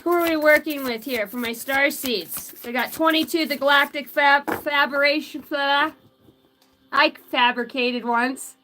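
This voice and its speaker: Giggly high-voiced woman reading cards. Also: unhurried, sharp tone, slight background noise. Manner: giggly, swears freely, chatty asides to spirit guides. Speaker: tarot and oracle card reader. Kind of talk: live-stream card reading.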